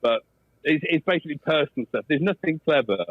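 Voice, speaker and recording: English accent, man, podcast guest, jokey storyteller, slightly higher voice. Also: husky, no echo, narrow, tinny audio. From England. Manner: jokey, animated, quick to laugh. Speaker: podcast guest, former cricketer. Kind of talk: casual chat and storytelling.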